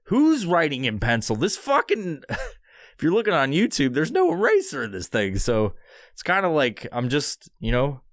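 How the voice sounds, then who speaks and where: A man's voice: fairly high pitch, huge pitch swings, moderate pace, no room sound. A man hosting a solo podcast from a studio, rambling and swearing through a sponsor read. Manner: rambling, profane, sarcastic. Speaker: podcast host.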